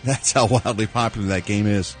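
A man, a regular on a morning radio show, telling entertainment news in a lively, animated way with bursts of mock outrage. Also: medium pitch, normal speed, loud music behind the voice. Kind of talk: casual radio banter and news segment. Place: broadcasting remotely by phone or line.

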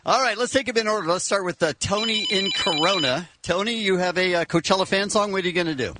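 A man's voice: high-pitched, fast talker, very noisy. A man hosting a radio show, upbeat as he promotes the broadcast and introduces callers. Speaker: radio host.

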